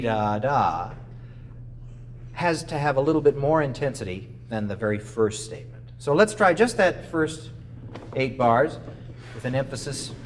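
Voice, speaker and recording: A man's voice: mid-range voice, a little hiss or hum. Man coaching a band, singing lines. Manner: explains phrasing, sings melodies to illustrate. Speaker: clinician. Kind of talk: masterclass coaching. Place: rehearsal room with a band.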